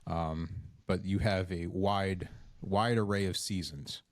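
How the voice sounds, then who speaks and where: A man's voice: takes it slowly, no room sound. A young man from Florida, hosting a casual podcast chat, swearing freely and acting out stories. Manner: animated storyteller, swears a lot, acts out quotes in a high voice. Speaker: podcast host.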